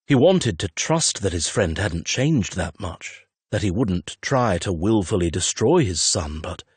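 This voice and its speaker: Male audiobook narrator; measured, low, a little husky, dry close read. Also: very animated, no room sound. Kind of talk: scripted narration.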